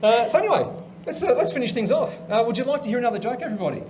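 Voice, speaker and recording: Lively man telling jokes. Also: extremely high pitch, very fast, very noisy. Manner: chatty storyteller who acts out voices and laughs at his own punchlines. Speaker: host. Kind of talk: telling jokes on a comedy show.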